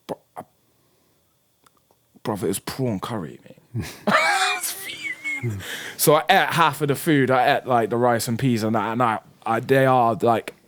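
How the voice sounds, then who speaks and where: A man's voice: medium pitch, normal speed. A young man, co-hosting a podcast in casual chat and telling stories with lots of slang and swearing. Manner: animated storytelling with slang, swearing and acted-out voices. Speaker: podcast co-host.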